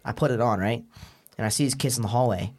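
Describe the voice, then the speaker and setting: A man's voice: mid-range voice, fast talker, darkish tone. Slangy teenage guy telling stories. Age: teens. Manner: crude slangy storyteller, acts out voices of others. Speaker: podcast guest. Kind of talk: casual storytelling chat.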